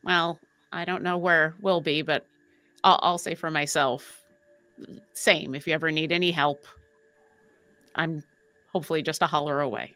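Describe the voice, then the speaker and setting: Woman player, bright tone, dry close sound, chatty. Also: low voice, fairly even intonation, normal speed, long pauses, no echo. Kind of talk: casual tabletop play.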